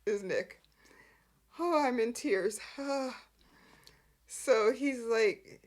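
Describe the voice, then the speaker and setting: A woman's voice: on the high side, extremely slow, long pauses. A woman hosting a podcast who recaps soap opera scenes casually, acting out the characters' lines and laughing often. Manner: animated, acts out characters' lines in voices; laughs often while telling. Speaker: podcast host.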